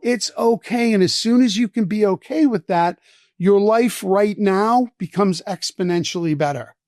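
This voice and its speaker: Lively storytelling man in his sixties. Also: high-pitched, normal speed, no room sound, studio quality. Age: 60s. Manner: animated, profane anecdotes with quoted voices. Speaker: podcast guest. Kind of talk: storytelling in casual conversation.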